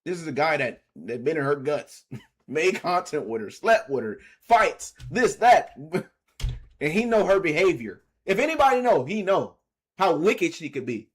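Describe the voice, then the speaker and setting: Brief: lively male streamer, fairly high voice with a wide swing, casual and chatty. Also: moderate pace, husky. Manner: animated, laughing, trailing off quietly. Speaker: commentary streamer. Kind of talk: casual reaction commentary.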